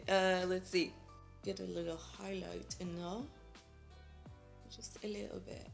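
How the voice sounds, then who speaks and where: A woman's voice: lowish voice, fairly even intonation, unhurried, vocal fry, long pauses, soft background music. A young woman chatting in a casual vlog while doing her makeup, chatty and slangy and laughing often. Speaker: beauty vlogger.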